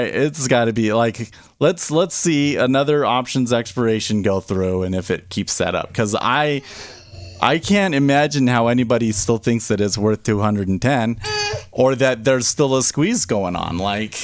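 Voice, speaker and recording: Male streamer, casual rambling chat, lively up-and-down pitch, dry close sound. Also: measured pace, dry recording. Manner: rambling, offhand, chats to his baby between market remarks. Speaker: day-trading livestream host.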